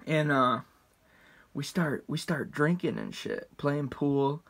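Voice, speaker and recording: A slow, somewhat bright voice with a breathy edge belongs to a storyteller vlogger in his twenties. He tells a casual, rambling story thick with profanity, restarts, and asides. Quoted voices get acted out with big leaps in pitch.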